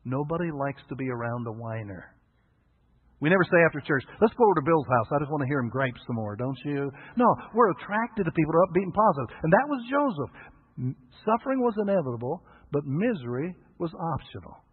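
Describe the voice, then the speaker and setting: A man's voice: on the high side, big pitch swings, fairly quick, breathy edge. A man preaching a sermon as a pastor, telling folksy stories and acting out the voices of the people in them. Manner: folksy storytelling, acts out quoted voices. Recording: tinny phone-like radio broadcast.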